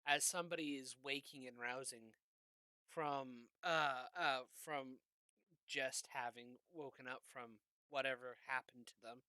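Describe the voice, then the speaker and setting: A game master narrating a tabletop game with halting delivery and many fillers. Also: mid-range voice, pushed and bright, no echo.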